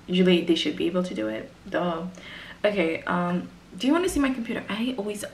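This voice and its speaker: A woman's voice: fairly low pitch, animated, fast, a little mellow, a little hiss or hum. A woman, talking casually to camera about arranging music, rambling and interrupting herself. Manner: rambling, chatty, self-interrupting. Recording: roomy echo.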